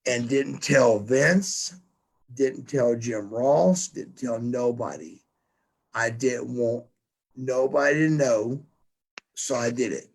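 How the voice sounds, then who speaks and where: A man's voice: medium pitch, vocal fry. A man, a podcast guest, telling a story casually, swearing often, stumbling over repeated words and acting out what others said. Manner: profane, repeats words, acts out quoted lines. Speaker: podcast guest, former wrestler.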